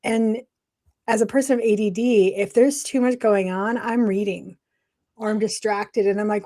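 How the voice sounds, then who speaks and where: A middle-aged woman co-hosting a casual podcast, talking in an animated, chatty way and laughing often. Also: mid-range voice, moderate pace. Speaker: podcast co-host.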